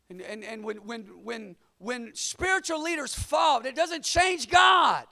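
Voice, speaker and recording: High, gravelly, shouting preacher man. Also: unhurried, hardly any pauses. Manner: energetic, shouting at peaks, call-and-response. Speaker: pastor. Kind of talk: sermon.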